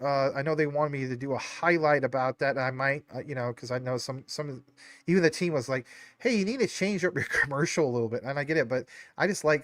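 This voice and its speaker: This livestream host's medium-pitched voice is a bit bright, captured on a dry recording. He sounds a little choked up with a stuffy nose as he rambles casually, full of fillers and tangents.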